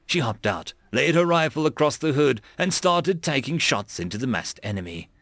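A man narrates a battle scene with a lively, dramatic delivery. His pitch moves a lot around a mid-range voice, and the recording is dry and close with no room sound. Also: normal speed, no room sound. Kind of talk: audiobook narration of military fiction.

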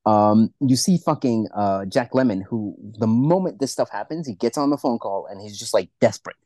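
A man co-hosting a podcast, chatting casually about a film, relaxed and profane, acting out quotes in funny voices. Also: fairly low pitch, moderate pace, no room sound. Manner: laid-back, swearing, acts out quotes in funny voices. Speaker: podcast co-host.

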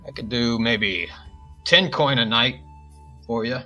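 A man's voice: mid-range voice, measured pace, bright, forceful tone, faint music behind. A man voicing an old, raggedy innkeeper who talks in a hesitant, wheedling, folksy way.

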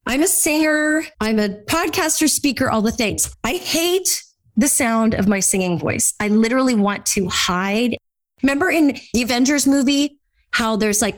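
A woman from California, a podcaster and speaking coach answering audience questions in an upbeat, blunt, jokey way. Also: medium pitch. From Orange County, California. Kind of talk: lively live Q&A chat.

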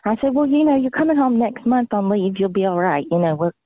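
A young adult woman gives personal testimony as an interviewee, halting and full of fillers and restarts. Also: medium pitch, fairly even intonation, no room sound. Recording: tinny phone-like line.

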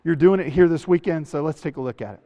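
A man giving an animated sermon to young people, telling stories and acting out the voices of the people in them. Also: on the high side, fast, in a large hall. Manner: animated storytelling, acts out quoted voices. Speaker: youth speaker. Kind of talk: sermon to a youth camp.

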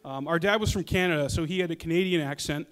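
A male comedian telling family stories on stage, rambling and hesitant, often restarting his sentences. His voice is high. The sound carries the long reverb of a hall. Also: fast talker, a bit bright. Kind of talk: stand-up comedy storytelling.

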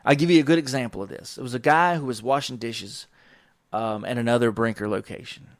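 A man's voice: medium pitch, a little fast, dry recording, studio quality. A man, a professional wrestler, telling rambling work stories in a casual monologue, acting out what others said. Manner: rambling, animated quoting of others.

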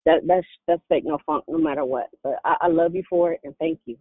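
A woman's voice: low-pitched, fairly even intonation, dry recording. Earnest woman thanking a friend by phone. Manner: earnest, deliberate, grateful. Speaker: caller sharing in a prayer call. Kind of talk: heartfelt testimony. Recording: tinny phone line.

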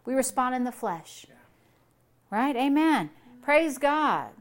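A woman's voice: sits high, very animated, slow pace. A woman pastor preaching a sermon, exuberant, repeating short phrases and breaking into long fits of laughter.

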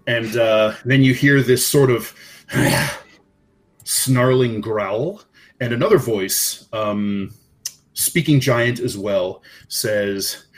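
A man narrating a tabletop game as game master, unhurried and searching for words with many fillers. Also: medium pitch, faint music behind.

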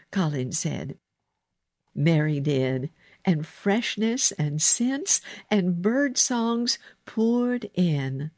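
A woman reads a children's storybook aloud, gentle and unhurried. Her voice sits low, her pace is slow, and the recording is dry and close. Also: expressive, no room sound. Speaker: narrator. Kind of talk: storybook narration.

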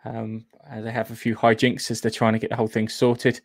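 A man co-hosting a podcast, summarising a film in a halting, casual way. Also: medium pitch, monotone, gravelly, no room sound, clean studio sound. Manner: halting, with fillers and pauses. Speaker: podcast co-host.

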